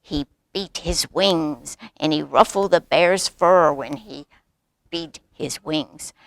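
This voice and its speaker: Slow, gravelly woman storyteller. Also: low voice, dry recording, studio quality. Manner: animated, asks the children questions. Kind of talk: reading a picture book aloud to children.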